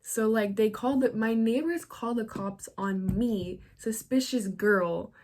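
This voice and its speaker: A woman's voice: on the high side, normal speed, dark tone. A teenage girl telling a story to her vlog audience in a casual, chatty way, filling her sentences with "like" and laughing often. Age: teens. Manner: chatty, fills every phrase with "like". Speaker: vlogger.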